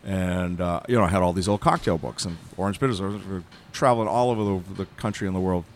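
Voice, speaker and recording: A middle-aged man from Massachusetts telling lively stories in a casual chat, acting out the voices of the people he quotes. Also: sits low, fast talker, a little hiss or hum. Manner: animated storyteller, acts out voices in quotes. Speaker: bar consultant and guest.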